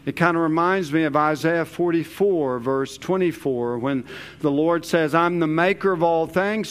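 A man teaching through a Bible passage verse by verse, slowing down and stressing key words. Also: a little high, clear, resonant tone. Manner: slow, deliberate, leans hard on key words.

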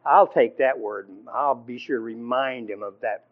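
A man teaching from the Bible in an informal sermon, halting with fillers and restarts and often clearing his throat. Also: medium pitch. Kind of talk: conversational sermon. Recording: dull lo-fi recording.

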